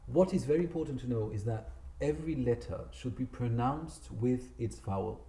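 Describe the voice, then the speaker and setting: A man speaking at normal speed in a warm, mid-range voice leads a Quran recitation lesson. The community centre room echoes as he patiently addresses common mistakes and elongates the words he models.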